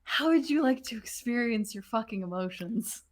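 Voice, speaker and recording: A young woman narrating as game master of a tabletop game, lively and casual, laughing often and swearing freely. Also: fairly high pitch, moderate pace, crowd noise.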